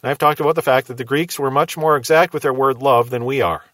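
A man teaching through Bible verses in a measured, explaining way, often asking rhetorical questions. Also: mid-range voice, steady tone, a bit bright, no room sound.

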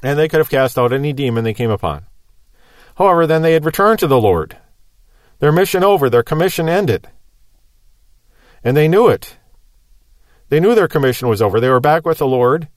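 A man's voice: fairly high pitch, lively intonation, a little fast, pauses often, dry recording. Conversational male preacher, dry sound. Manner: conversational, explanatory, rhetorical questions. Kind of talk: sermon.

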